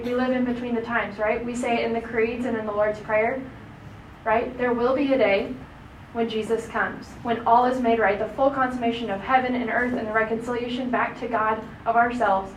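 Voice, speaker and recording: A woman's voice: a little high, level tone, moderate pace, a little hiss or hum. A woman teaching a casual Bible class, chatty, often asking "right?". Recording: echoey room recorded from a distance.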